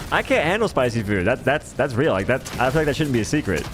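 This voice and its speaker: Animated man chatting on a game stream. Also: mid-range voice, fast talker, hardly any pauses, noisy background. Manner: rambling, joking, reacts to chat. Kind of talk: casual live-stream chatter.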